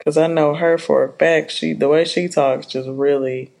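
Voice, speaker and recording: A woman's voice: low voice, steady tone, normal speed, creaky, a little mellow. A woman co-hosting a podcast in a casual, laid-back chat, drawing out her thoughts and chuckling now and then. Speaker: podcast co-host.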